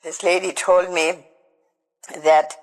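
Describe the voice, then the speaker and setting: Older woman, halting and emotional. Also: fairly low pitch, flat delivery, big-room sound, low-quality recording. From Germany. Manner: halting, emotional, with frequent restarts. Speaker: Holocaust survivor giving testimony. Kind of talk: personal testimony storytelling.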